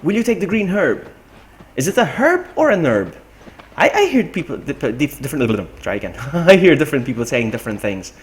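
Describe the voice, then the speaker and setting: A man's voice: medium pitch, wildly swooping pitch, fairly quick, low-quality recording. A man from Malta, chatting casually and rambling while streaming a game. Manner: chatty, rambling, laughs at himself. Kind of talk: casual live-stream chat.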